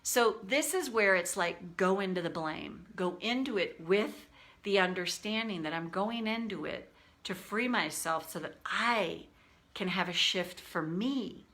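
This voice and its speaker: Bright-voiced woman, candid tapping coach. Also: mid-range voice, measured pace. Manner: candid, animated, acts out her own reactions in a raised voice. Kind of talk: casual teaching talk.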